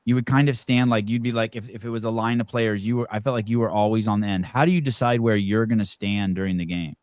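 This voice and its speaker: A man's voice: lowish voice, steady tone, quick pace, a little mellow, dry recording, studio quality. A man hosting a podcast, asking rambling, conversational questions full of fillers. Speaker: podcast host. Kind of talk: casual interview talk.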